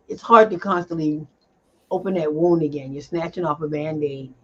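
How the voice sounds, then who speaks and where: A woman guest in a casual interview, talking about her advocacy work, animated and quick to laugh, with filler-filled pauses. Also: low-pitched. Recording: dull lo-fi audio.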